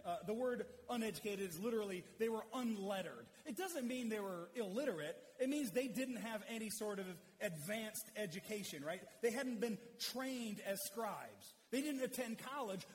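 A man's voice: high voice, animated, moderate pace, hardly any pauses. A man preaching an expository sermon in a conversational, explanatory way. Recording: long hall reverb.

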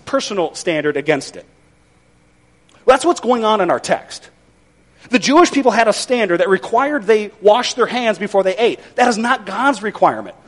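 A male pastor preaching a sermon in a conversational, folksy way with wry humor. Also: high voice.

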